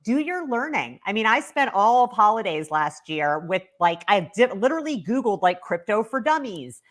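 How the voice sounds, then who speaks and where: Woman guest on a live online panel, animated promoter, casual fillers. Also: mid-range voice, normal speed. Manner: enthusiastic, promotional, many filler ums. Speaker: guest speaker. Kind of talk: livestream panel interview. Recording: online video call.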